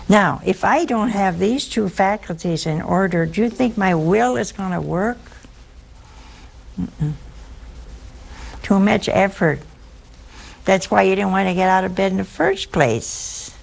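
A woman's voice: medium pitch, creaky, slightly rough. A woman giving a humorous sermon in a folksy, teasing way, acting out everyday anecdotes for her listeners. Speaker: preacher.

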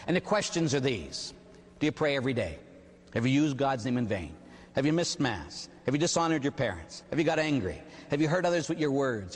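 An older man preaching as a priest, telling stories animatedly with frequent "huh?" asides. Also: mid-range voice. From Pittsburgh area. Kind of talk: sermon. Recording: long reverb of a large hall.

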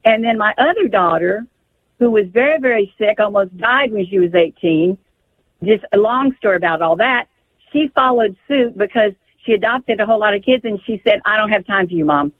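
A woman's voice: medium pitch, moderate pace, breathy edge. An older woman calling in to a radio show, telling a painful family story in a pleading, stumbling way over the phone. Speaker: caller. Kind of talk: emotional call-in story. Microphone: telephone. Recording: tinny phone line.

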